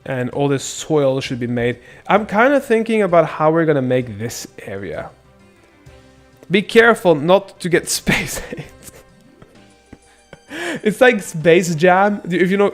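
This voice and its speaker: A man streaming a game live, chatting casually with viewers, excitable and swearing often. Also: fairly high pitch, moderate pace, soft background music.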